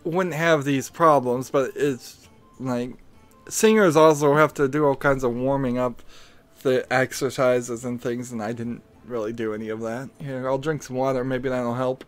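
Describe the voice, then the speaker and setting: A man's voice: medium pitch, fairly even intonation, normal speed, no room sound, soft background music. A man streaming a card game who has just woken up and still has his morning voice, rambling hesitantly as he thinks aloud in casual commentary. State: groggy morning voice, just woke up.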